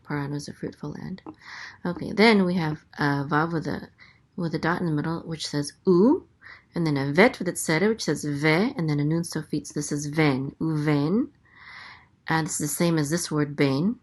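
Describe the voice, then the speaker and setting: A woman teaching a casual Biblical Hebrew reading lesson, explaining slowly with many pauses and fillers. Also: low voice. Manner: slow and explanatory, with many fillers and self-corrections.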